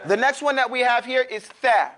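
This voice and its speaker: High-voiced man teaching recitation drills. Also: sharp tone. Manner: drills and repeats syllables slowly, then talks fast and loose. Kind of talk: classroom tajweed lesson.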